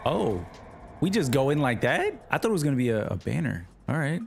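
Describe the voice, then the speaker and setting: A man with a New York accent streams a game and chats loosely with his viewers, relaxed and slangy. His voice sits at an everyday middle pitch. Faint game music runs underneath. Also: a little fast, vocal fry. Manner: relaxed, slangy, talks to chat. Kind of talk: casual livestream chat while gaming.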